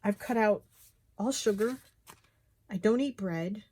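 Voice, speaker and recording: A woman's voice: medium pitch, slow, darkish tone, slightly rough. A middle-aged woman chatting casually while she crafts, muttering to herself as she works.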